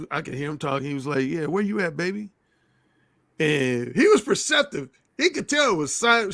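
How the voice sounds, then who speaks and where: Blunt guy telling stories frankly, highish voice, dry close sound. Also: fairly bright tone, dry recording. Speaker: interview guest. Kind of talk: casual interview storytelling.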